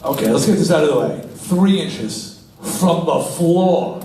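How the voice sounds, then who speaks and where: A man in his sixties telling stories on stage as a guest, animated and swearing freely, laughing as he talks. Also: a little high, unhurried. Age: 60s. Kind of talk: profane live storytelling. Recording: echoey, distant live-room sound with faint noise.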